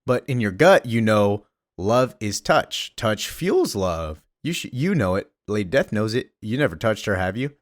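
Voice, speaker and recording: A man's voice: fairly low pitch, big pitch swings, moderate pace, no echo, clean studio sound. A man voicing Wolverine as a sly schemer in a casual comic retelling. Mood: scheming.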